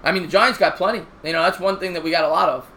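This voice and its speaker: A man in his 30s calls baseball play-by-play on a live stream, chatting with viewers, joking, and reading their comments aloud with chat shoutouts. His voice is high-pitched, rapid-fire, pushed and bright. A little hiss or hum sits under the recording.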